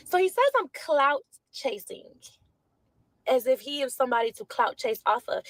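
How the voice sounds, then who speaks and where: Sassy high-voiced woman ranting. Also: moderate pace, no room sound, rough recording. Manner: loud, sassy, animated, swears a lot. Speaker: content creator reacting to a diss video. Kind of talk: ranting reaction vlog.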